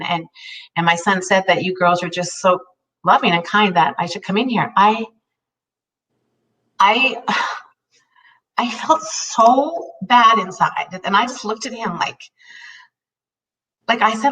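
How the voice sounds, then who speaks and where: A woman's voice: mid-range voice, moderate pace, pauses often, sharp tone. A middle-aged woman co-hosting a talk show, telling a personal story in an earnest, heartfelt way with many restarts. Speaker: co-host. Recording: voice a bit distant from the mic.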